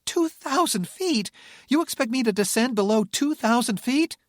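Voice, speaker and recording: A man's voice: extremely high pitch, animated, moderate pace, dry recording, studio quality, pitched above the performer's own voice. A man voicing a tense female bomber pilot who protests shrilly in fear and anger. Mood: panicked.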